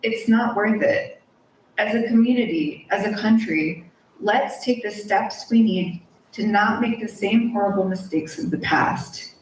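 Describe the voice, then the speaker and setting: A woman's voice: medium pitch, unhurried, a little hiss or hum. A woman giving an earnest, pleading public comment at a city council meeting. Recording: echoey council chamber mic from far off.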